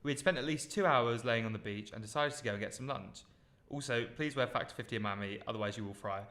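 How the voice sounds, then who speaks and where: A man co-hosting a relaxed podcast, chatting easily with his co-host. He reads listener stories aloud and keeps stopping for his own asides and tips. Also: mid-range voice, fast. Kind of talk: casual chat.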